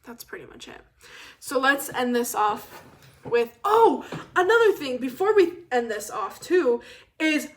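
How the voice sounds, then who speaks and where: Rambling young woman podcaster, lightly high voice. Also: very animated, measured pace. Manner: rambling, self-deprecating, laughs often, trails off with "I don't know". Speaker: podcast host. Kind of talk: casual solo podcast rant.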